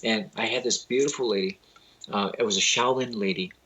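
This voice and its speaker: A man on the low side, talking briskly against a noisy background, is being interviewed as a spiritual teacher. His anecdotes are lively and casual, his grammar loose, and he acts out the people he quotes.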